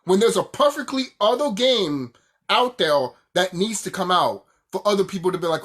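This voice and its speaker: A man's voice: sits high, animated, moderate pace, fairly bright tone. Heated, swearing young man ranting. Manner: heated, profane, laughs often, repeats himself. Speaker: YouTuber ranting about games. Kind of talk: casual profane rant.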